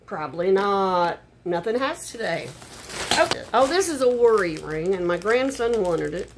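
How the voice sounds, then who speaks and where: An older woman rambles through a shopping haul at home, her voice rising and falling in a lively way. She talks casually, mutters frustrated asides, and a faint hiss of noise runs underneath. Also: mid-range voice, normal speed. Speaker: haul vlogger. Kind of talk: casual unboxing chat. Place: home room.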